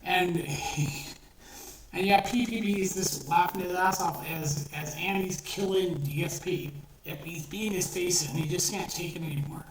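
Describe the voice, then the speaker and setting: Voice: medium pitch, unhurried. A speaker casually retelling a short story they wrote, rambling and profane, with many fillers and restarts. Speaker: online storyteller. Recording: roomy, distant mic with faint noise.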